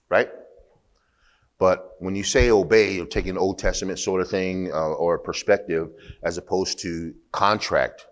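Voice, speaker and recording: A man preaching a sermon as pastor, talking conversationally with asides and rising to emphatic bursts. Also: extremely low pitch.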